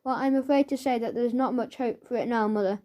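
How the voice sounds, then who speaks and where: A woman's voice: fairly high pitch, a little fast, warm tone, close to an everyday voice. A woman voicing a mild, courteous father in a storybook, speaking politely.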